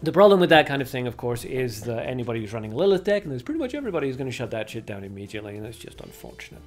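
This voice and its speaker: A man's voice: mid-range voice, big pitch swings, racing, soft background music. Chatty man streaming a card game. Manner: chatty, thinks aloud with many fillers. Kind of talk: casual livestream commentary.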